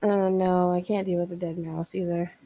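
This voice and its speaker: A young woman co-hosting a casual podcast chat, excitable and swearing at every turn. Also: fairly low pitch, moderate pace. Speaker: podcast co-host.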